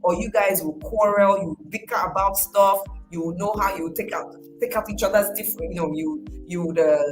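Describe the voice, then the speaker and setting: A woman's voice: medium pitch, moderate pace, faint music behind, low-quality recording. A woman giving a casual motivational talk, speaking conversationally, repeating her phrases and acting out quoted voices.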